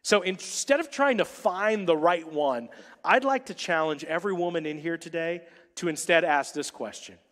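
A married man preaching a sermon as pastor to his church, with humorous asides and dramatic pauses. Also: on the high side, fairly bright tone. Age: adult, married. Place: large church hall. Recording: long reverb of a church hall.

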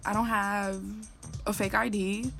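A woman in her early twenties tells a story in a loose, slangy way. She breaks into laughs and loud shouts when she acts out what she said. Faint music plays underneath her voice. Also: medium pitch, little pitch movement, measured pace, vocal fry. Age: 20s. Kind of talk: casual storytime.

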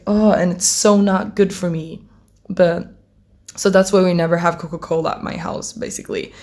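A woman's voice: lowish voice, darkish tone. A teenage girl chatting casually to camera as a vlogger, rambling, giggling often and swearing offhandedly. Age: teens.

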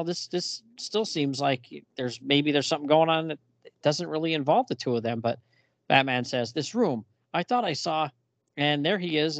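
A man co-hosting a casual podcast, talking through a comic book and reading its dialogue aloud with lively emphasis. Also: on the high side, no echo.

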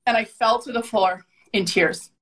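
A woman with a bright, high voice talks as a podcast guest. She rambles fast and emphatically, swears constantly and punches each point with raw energy. Her delivery is loud, unfiltered and casual. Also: fairly even intonation, slight background noise. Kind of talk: casual, profane storytelling.

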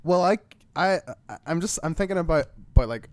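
Casting: casual male co-host, halting delivery, smooth resonant voice, dry close mic. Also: a little high, expressive, dry recording. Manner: hesitant, with frequent restarts and laughs. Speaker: podcast co-host. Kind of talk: casual chat.

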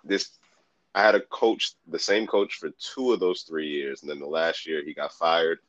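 Easygoing low-voiced man in his thirties. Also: fairly even intonation, moderate pace, fairly bright tone, muffled recording. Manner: easygoing, laughs often, slangy. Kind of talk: casual storytelling chat.

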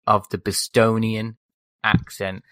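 A man's voice: fairly low pitch, little pitch movement, takes it slowly, a bit bright, dry recording. A man co-hosting a podcast, chatting about films in a wry, teasing way. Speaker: podcast co-host. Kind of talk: casual film chat. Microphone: desk microphone.

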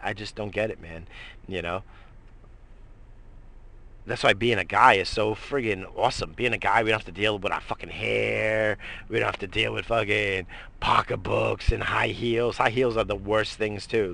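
A man's voice: on the low side, vocal fry, pushed and bright, slight background noise. A man hosting a radio show, rambling casually with lots of swearing and fillers. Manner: profane, rambling, many fillers.

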